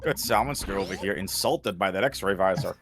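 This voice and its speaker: A man's voice: low voice, a little fast, fairly bright tone, faint music behind. Chatty joking male game commentator. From New England. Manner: chatty, joking, laughs often. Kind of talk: casual live commentary.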